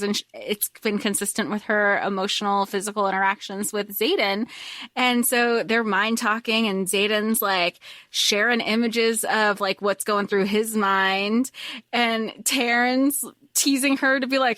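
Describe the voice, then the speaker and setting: A woman's voice: medium pitch, measured pace, bright, forceful tone, no room sound, clean studio sound. A woman co-hosting a podcast, talking casually with many fillers and frequent laughter. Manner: chatty, lots of fillers, laughs often. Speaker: podcast co-host. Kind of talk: casual book discussion.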